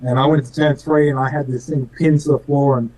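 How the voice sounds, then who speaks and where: A young Australian man talks through his racing memories at an everyday pitch. His delivery is earnest and rambling, with plenty of fillers. It sounds like a relaxed interview chat. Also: fairly quick, low-quality recording. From Western Australia. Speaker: racing driver guest. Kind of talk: casual storytelling interview.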